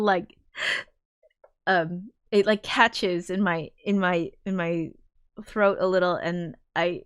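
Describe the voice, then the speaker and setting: A woman's voice: on the low side, fairly bright tone, no echo, clean studio sound. A woman livestreamer chatting casually and emotionally, reading viewer comments, full of fillers and frank swearing. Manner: rambling and emotional, with many fillers and frequent swearing. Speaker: livestreamer and film composer.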